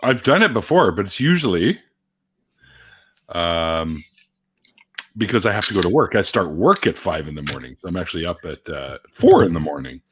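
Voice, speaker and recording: Husky low-voiced man hosting a live chat. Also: sing-song, normal speed. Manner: laughs often, swears casually. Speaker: host. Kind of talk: casual live-stream chat.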